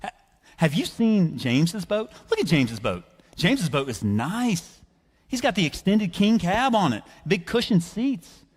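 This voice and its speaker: A man's voice: fairly high pitch, very animated, fast talker, slightly rough. A man voicing an anxious male fisherman who makes excuses, whiny and exaggerated. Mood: incredulous. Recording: reverberant church hall.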